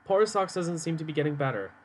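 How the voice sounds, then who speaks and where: A man's voice: a little high, expressive, fast, low-quality recording. A man with a stuffy nose streaming a game, reading its text aloud in a playful way. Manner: playful, reads lines aloud with swooping put-on voices.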